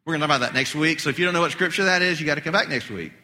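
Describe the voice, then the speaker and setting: A male pastor giving an animated, conversational sermon, his voice getting hoarse. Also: a little high, rapid-fire. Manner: animated, conversational preaching with acted-out quotes. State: losing his voice. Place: church sanctuary. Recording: long hall reverb.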